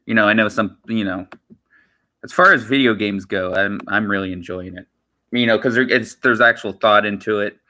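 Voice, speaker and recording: A male streamer talks loosely to his viewers, wandering from point to point and repeating himself. His voice sits a bit low, yet it has a bright, forceful edge. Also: moderate pace. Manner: rambling, repeats himself, many "you know" fillers. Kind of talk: casual livestream chat.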